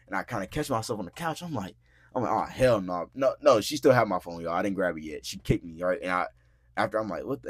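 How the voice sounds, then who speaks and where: Animated young man telling a wild story. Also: deep voice, no echo. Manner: animated, profane, acts out quotes loudly; frequent filler words like "bro" and "like". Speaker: podcast host. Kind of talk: casual storytelling. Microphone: podcast mic.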